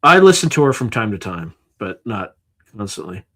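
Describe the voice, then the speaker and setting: A man's voice: fairly low pitch, big pitch swings, moderate pace, sharp tone, breathy edge. A man hosting a live stream, tired and yawning, reading through a list in a casual, offhand way with sarcastic asides. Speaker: livestream host.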